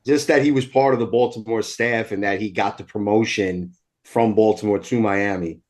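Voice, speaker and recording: A man's voice: lowish voice, steady tone, normal speed, darkish tone. Male co-host, teasing and joking, casual chat. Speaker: podcast co-host.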